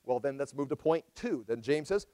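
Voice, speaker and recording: A man's voice: mid-range voice, expressive, moderate pace, mellow, no room sound. A man preaching a sermon as a pastor, emphatic and full of rhetorical questions.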